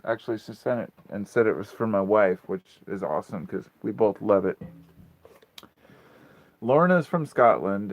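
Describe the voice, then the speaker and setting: Gravelly-voiced man rambling on a livestream. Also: lowish voice. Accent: US Pacific Northwest. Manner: rambling storytelling, frequent swearing. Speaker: livestream host. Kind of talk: casual livestream chat. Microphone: phone. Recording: dull lo-fi phone audio.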